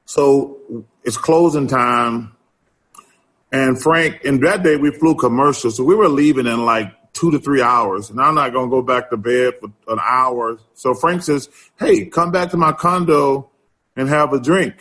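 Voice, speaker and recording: Husky-voiced man telling a story. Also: mid-range voice, measured pace. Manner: animated storyteller, acts out quotes. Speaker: interview guest. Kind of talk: casual storytelling.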